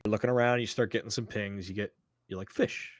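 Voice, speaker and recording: A man's voice: lowish voice, steady tone, fast talker, no room sound. A man narrating as game master of a tabletop game, in a casual, chatty way with plenty of fillers.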